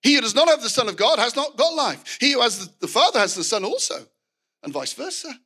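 Middle-aged male preacher, high and forceful, rambling anecdotal sermon with asides to the room. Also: big pitch swings, a little fast, slightly rough. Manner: storytelling with frequent restarts and asides to the congregation.

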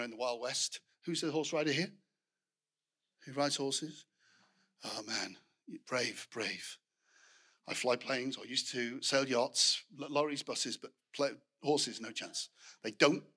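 A man's voice: mid-range voice, sharp tone, husky. A middle-aged man preaching a sermon, telling anecdotes with restarts and asides to the congregation.

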